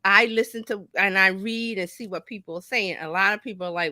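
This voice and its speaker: A woman marketing coach talking casually on a talk show, lively and folksy, acting out little quoted voices as she explains. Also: mid-range voice, a little fast, hardly any pauses, no echo.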